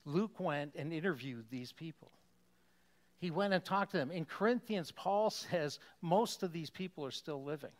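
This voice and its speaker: A man preaching a sermon as a pastor, animated, chuckling often and asking rhetorical questions. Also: on the high side, moderate pace.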